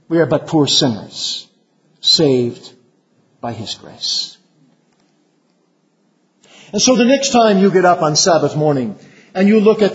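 A man preaching a sermon to fellow ministers, earnest and measured, his voice sinking low at the end of phrases. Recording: dull lo-fi recording.

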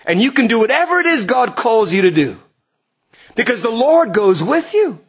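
A middle-aged male pastor preaching earnestly, swinging from emphatic lines to hushed, quiet passages. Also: very high-pitched, very animated, moderate pace, breathy edge. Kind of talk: sermon.

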